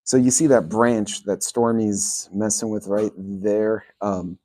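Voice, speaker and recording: The channel host rambles slowly on a laid-back livestream, speaking into a phone on speaker in the yard of a rental house outdoors. His low voice is dark and mellow with fairly even intonation, and he chats, directs his dogs, and reads chat names aloud. The sound is dry and close, with no echo.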